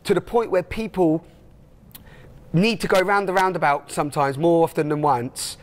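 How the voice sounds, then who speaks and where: A man's voice: on the high side, fairly even intonation, normal speed. Enthusiastic, rambling man. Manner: enthusiastic, rambling, many restarts. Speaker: interviewee. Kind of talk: casual chat.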